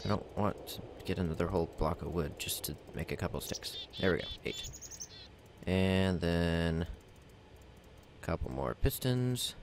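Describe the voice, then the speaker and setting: A man's voice: deep voice, lively intonation, unhurried, a little hiss or hum. A man giving casual gameplay commentary, rambling and self-mocking as he talks himself through crafting. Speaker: let's play gamer.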